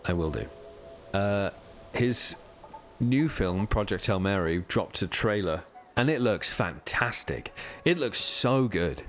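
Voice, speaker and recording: A man's voice: lowish voice, expressive, slow, soft background music. A man live streaming a video game, chatting casually and rambling as he answers viewers' questions while he plays. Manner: chatty, reads and answers chat while playing; rambling, many fillers.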